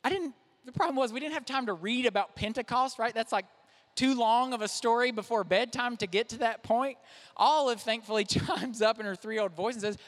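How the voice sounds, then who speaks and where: A man's voice: very high voice, a little fast, fairly bright tone. A young man, a pastor, preaching a sermon in a conversational, self-deprecating way. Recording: reverberant hall.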